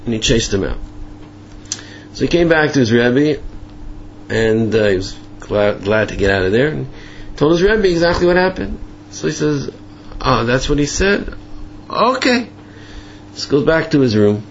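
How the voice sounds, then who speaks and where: A man telling a folk tale in a casual, halting way, often repeating words and restarting. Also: mid-range voice, lively intonation, a little hiss or hum. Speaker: storyteller. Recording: muffled lo-fi with faint ambience.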